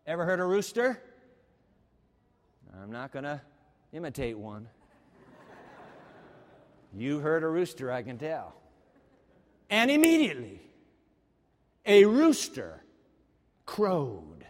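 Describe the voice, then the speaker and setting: Male preacher, high-pitched, theatrical sermon delivery in a reverberant church. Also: big pitch swings, takes it slowly, long pauses. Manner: dramatic, swings from loud to hushed.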